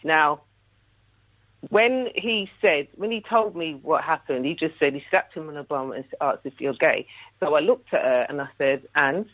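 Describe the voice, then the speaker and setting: A woman's voice: low-pitched, normal speed. A woman phones in to a radio talk show and tells her story with indignant energy. She acts out the other voices as she goes. The sound is thin and tinny, like a telephone line. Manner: indignant, animated retelling with quoted dialogue. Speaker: radio caller. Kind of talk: call-in story telling.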